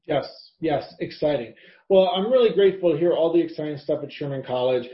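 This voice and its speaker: A man's voice: fairly high pitch, a little fast. A male host interviewing a guest, upbeat and appreciative. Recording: echoey, muffled, faint hiss.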